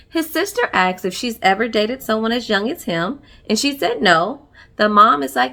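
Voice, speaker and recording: A woman's voice: a little high, expressive, moderate pace, vocal fry, bright, forceful tone. A woman giving a sassy, chatty recap of a reality show episode, laughing often. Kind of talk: casual recap commentary.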